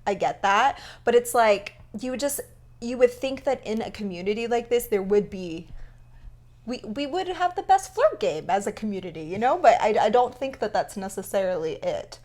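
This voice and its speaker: A woman co-hosting a podcast in casual chat, bubbly and quick to laugh. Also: mid-range voice, lively intonation, a little mellow. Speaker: podcast co-host.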